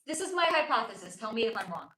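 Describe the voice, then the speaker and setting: A woman's voice: a little high, sing-song, fast talker, roomy sound, noisy background. A woman hosting a casual livestream from home, chatting playfully with viewers, teasing them and laughing often. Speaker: livestream host and spiritual reader. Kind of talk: casual livestream chat, answering viewer comments. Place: at home with her child nearby.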